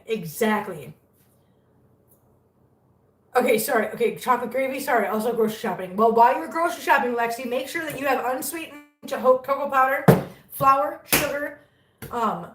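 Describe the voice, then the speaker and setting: A woman's voice: a little high, animated, moderate pace, fairly bright tone, recorded from a distance. Chatty woman in a roomy kitchen. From Southern US. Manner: chatty, laughs often, talks to viewers. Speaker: live stream host. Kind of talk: casual live stream chat. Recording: roomy sound from off mic.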